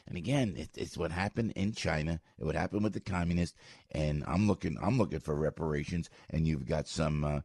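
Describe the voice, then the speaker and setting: An older man, hosting morning talk radio in a rambling, excitable way, with sudden squeaky jumps in pitch. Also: fairly quick, vocal fry, husky, no echo, studio quality. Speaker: radio morning show host. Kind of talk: animated talk radio monologue. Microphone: studio microphone.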